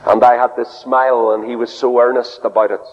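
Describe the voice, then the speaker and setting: A man preaching a sermon, telling stories earnestly and dropping low and soft for quoted words. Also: level tone, fairly quick. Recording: dull radio broadcast with long reverb.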